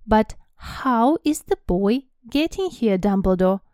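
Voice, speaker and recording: A woman's voice: medium pitch, expressive, slow, darkish tone, dry recording, clean studio sound. A woman reading aloud as an agitated older woman professor, protesting with emphasis.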